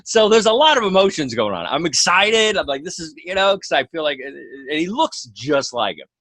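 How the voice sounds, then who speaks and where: A male comedian guest on a podcast, telling a rambling, animated story and swearing freely. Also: sits high, normal speed, no echo.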